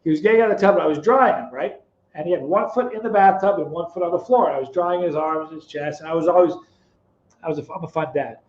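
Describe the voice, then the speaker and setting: A middle-aged man hosting a live stream, reading chat comments aloud, teasing viewers by name and telling stories in a relaxed, chatty way. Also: on the high side, fast, highs cut off. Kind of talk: casual chat.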